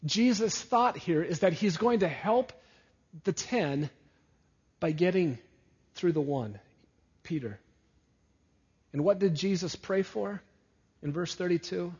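Slow, husky-voiced preacher man. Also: expressive, dull audio. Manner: deliberate preaching, dropping low and soft at phrase ends. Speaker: pastor. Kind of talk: sermon.

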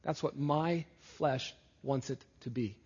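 A man preaching a sermon in a deliberate way, often dropping low and soft at the ends of phrases. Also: slightly rough, dull audio. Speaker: pastor.

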